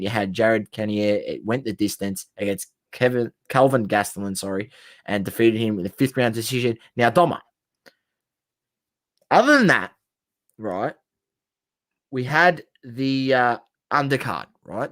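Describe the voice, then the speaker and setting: A man's voice: moderate pace, no room sound. A man co-hosting a sports chat show, tripping over fighters' names and pushing his voice way up when something thrills him. The sound is dry and close, with almost no room around it. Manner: energetic, stumbles over names, excitable pitch jumps. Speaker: podcast co-host.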